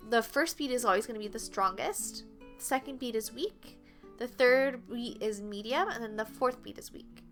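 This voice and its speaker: A woman with a bright, fairly high voice leads an online flute lesson. She explains each step patiently and counts the beats aloud, with faint music behind her. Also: unhurried. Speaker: flute teacher.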